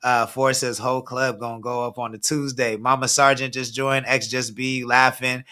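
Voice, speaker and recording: A man's voice: medium pitch, little pitch movement, moderate pace, sharp tone. A man hosting a casual music review livestream, laid-back and laughing often, swearing freely and reading viewer comments aloud. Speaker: host of a music review stream.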